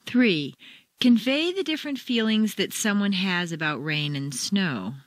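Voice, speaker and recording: Clear-speaking American woman teaching pronunciation. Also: mid-range voice, lively intonation. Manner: clear, deliberate demonstration of intonation patterns. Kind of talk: scripted instructional narration.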